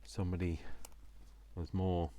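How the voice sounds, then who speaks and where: A man's voice: low voice, flat delivery, unhurried, noisy background. A British man chatting casually to himself as he makes a craft project, joking at his own expense. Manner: chatty, self-mocking, talks to himself while working. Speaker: crafting vlogger.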